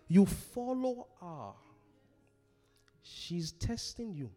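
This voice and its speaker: A man's voice: sits high, sing-song, slow, long pauses, warm tone, faint music behind. A middle-aged man from Africa preaching a sermon, repeating key phrases and asking questions for the congregation to answer. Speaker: pastor. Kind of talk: sermon on relationships.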